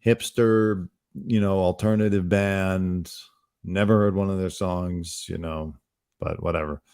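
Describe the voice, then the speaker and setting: A man's voice: deep voice, steady tone, a little slow, a little mellow, clean tone, dry recording, clean studio sound. A man hosting a comedy news show, riffing on the day's stories in a rambling, sarcastic monologue that keeps correcting itself.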